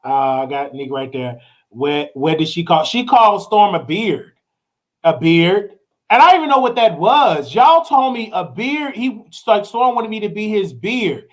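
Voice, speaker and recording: Guy with a high voice live streaming, chatty, squeals and yells a lot, talks right to his viewers. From Texas. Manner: excitable, shrieking squeals and repeated exclamations; chatty, addresses viewers directly. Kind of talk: casual live-stream chat.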